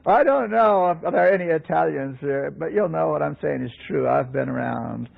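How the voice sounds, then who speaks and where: A male preacher telling a story in a sermon, animated and laughing often, on a dull lo-fi recording. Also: a little high, normal speed, gravelly.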